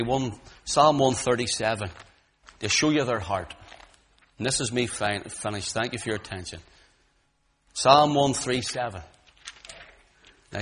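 His husky voice carries a passionate sermon that drops to hushed tones before climbing to loud eruptions. As the man gets worked up, he keeps repeating words.

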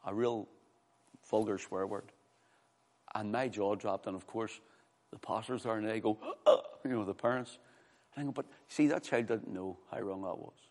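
A man preaching a sermon, animated, often repeating words as he restarts and acting out the voices of people he quotes. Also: fairly low pitch, normal speed, pauses often. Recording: reverberant hall.

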